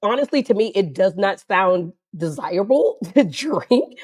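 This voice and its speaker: A woman's voice: medium pitch, expressive, unhurried, a little mellow. A woman co-hosting a podcast in casual chat, playful and full of questions. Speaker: podcast co-host.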